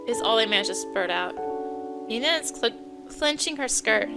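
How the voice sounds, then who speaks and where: Let's play host, a woman reading game text expressively over loud game music. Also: fairly high pitch, a little fast. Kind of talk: reading a visual novel aloud.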